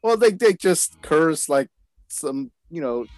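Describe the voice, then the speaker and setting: A man's voice: on the high side, very animated, slow, dry recording. A young man co-hosting a podcast in casual chat, laid-back and agreeable, cursing freely. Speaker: podcast co-host.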